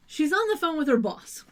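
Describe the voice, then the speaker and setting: A young woman co-hosting a podcast in a slightly raised voice. She rambles through a casual recap, describing scenes in detail and dropping the odd swear word along the way. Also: a little high. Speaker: podcast co-host.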